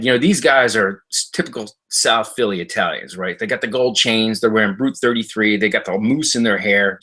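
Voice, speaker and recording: Chatting with viewers from his home library, a middle-aged livestream host responds to comments and rambles through stories, halting often and using plenty of fillers. His tone is a bit bright, and his pitch leaps up whenever he imitates someone.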